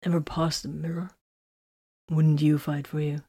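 A woman reading a storybook, voicing a sarcastic, wounded young male soldier who mumbles low. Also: level tone, measured pace, mellow, breathy edge, exaggerated voice. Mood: teasing.

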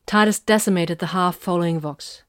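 A woman narrates a fantasy action story in a steady, measured way. Her voice sits somewhat low. The recording is dry and close, with no room sound. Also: no room sound. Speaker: audiobook narrator. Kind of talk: scripted narration.

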